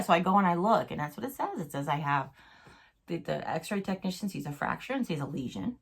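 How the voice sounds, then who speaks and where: A middle-aged woman talks casually to her camera at home, telling a long story in a chatty way. She slips into the voices of people she quotes. Her voice sits a little low. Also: lively intonation, fairly quick, slightly rough. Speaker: vlogger. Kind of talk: casual chat. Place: at home, sitting on a commode chair.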